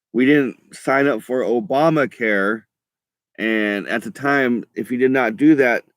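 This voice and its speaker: A man's voice: medium pitch, no room sound. Middle-aged guy ranting on his vlog, cusses a lot, keeps restarting, dry close sound. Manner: profane, halting, restarts often. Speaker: vlogger. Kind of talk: casual rambling monologue.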